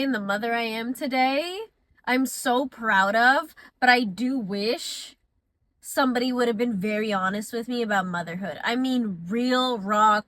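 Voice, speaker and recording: A woman's voice: on the high side, bright, forceful tone, dry recording. A young woman vlogging candidly about motherhood, chatty and emotional, close to tears at times and laughing at others. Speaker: mom vlogger. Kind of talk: candid confessional vlog.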